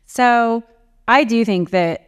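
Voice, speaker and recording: A woman's voice: on the high side, takes it slowly, clear, resonant tone. A woman CEO and author answering interview questions, telling stories about her leadership candidly and reflectively. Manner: candid, reflective, self-critical.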